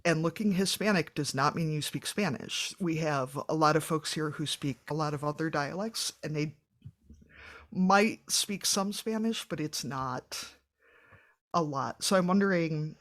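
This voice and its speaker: A podcast host speaks in an easy, conversational way and sets out longer questions with care. The voice sits in a middle range. The tone is that of an unhurried interviewer. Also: medium pitch, a bit bright. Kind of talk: casual interview chat.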